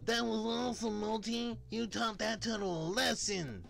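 A man doing a high, urgent cartoon critter friend. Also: moderate pace, vocal fry, music in the background. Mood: cheering. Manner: urgent, alarmed.

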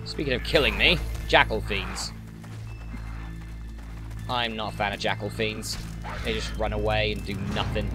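In a lowish, steady voice at normal speed, a gaming channel host chats playfully through his let's play, pausing often and addressing enemies along the way. Music sits in the background, and he's recorded at home on a desktop mic with noise suppression.

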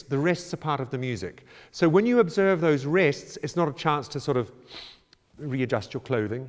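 A man directing a choir rehearsal, brisk and encouraging, with jokey asides, and he sings out phrases to demonstrate. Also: on the high side, a little mellow. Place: church or large hall. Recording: long hall reverb.

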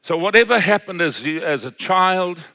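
A middle-aged man preaching a sermon as pastor, fervent and full of hallelujahs, swinging between loud and hushed. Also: high voice, expressive, moderate pace, creaky.

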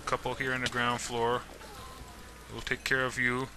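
A man's voice: mid-range voice, completely flat delivery, moderate pace, pauses often, noisy background. A man giving casual let's-play commentary, talking to game mobs in a jokey, mock-menacing way. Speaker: gaming YouTuber.

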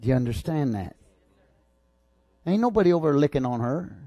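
A male pastor preaching a sermon, swinging from loud, excited shouts to low, intense asides. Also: normal speed, dull audio.

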